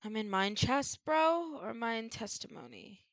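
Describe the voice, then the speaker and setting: A woman's voice: on the high side, lively intonation, moderate pace, no room sound. Chatty giggly young woman streamer. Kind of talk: casual game stream chat.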